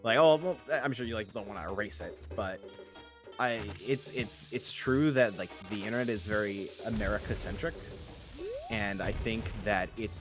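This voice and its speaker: A young man chatting quickly on a stream, sprinkling in "like" and using a light radio voice. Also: fairly low pitch. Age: young adult. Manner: fast talker, many "like" fillers, light radio voice. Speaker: podcast co-host, guest streamer. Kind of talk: casual chat on a stream. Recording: music playing behind.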